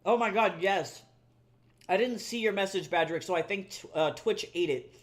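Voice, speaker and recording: A man's voice: sits high, moderate pace. A young man chatting casually to viewers on a live art stream, loose and self-deprecating, swearing freely and laughing easily. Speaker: artist live-streaming, reading chat.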